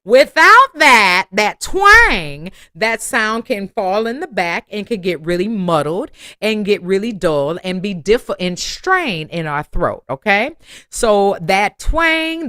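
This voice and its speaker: A woman's voice: medium pitch, pushed and bright, smooth, no room sound, studio quality. A woman voice teacher giving an online singing lesson, encouraging her students and breaking into sung phrases and vocal exercises.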